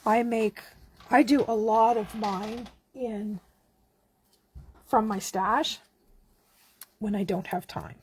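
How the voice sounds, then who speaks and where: A woman from Canada giving a relaxed, chatty card-making tutorial, talking as she works. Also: mid-range voice, slow pace, long pauses, husky. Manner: chatty, relaxed, talks while working. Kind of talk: casual craft tutorial.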